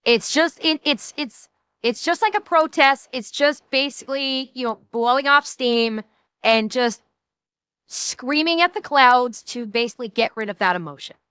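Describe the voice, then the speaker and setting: High animated streamer lady ranting with lots of swearing, bright and dry. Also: normal speed, smooth, no echo. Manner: animated, emphatic, swears freely. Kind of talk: reaction stream commentary.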